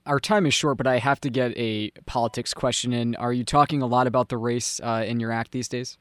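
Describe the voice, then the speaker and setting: A man's voice: medium pitch, steady tone, a little fast, a bit bright, clear, resonant tone, no echo. A male radio interviewer who asks curious, easygoing questions.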